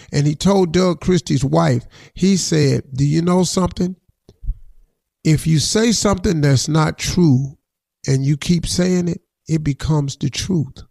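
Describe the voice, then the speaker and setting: A middle-aged radio host delivers a heated, preachy rant, circling back on his points and dropping "man" between lines. His voice sits fairly high and has a gravelly edge. The sound is dry and close, with no room around it. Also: darkish tone, no echo. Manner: preachy, heated, repeats himself, says "man" often. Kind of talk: impassioned on-air rant.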